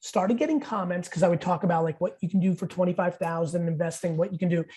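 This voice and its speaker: A man in his forties, a podcast guest, telling stories in blunt, profane, rapid-fire talk. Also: high-pitched, dark tone. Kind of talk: casual podcast interview.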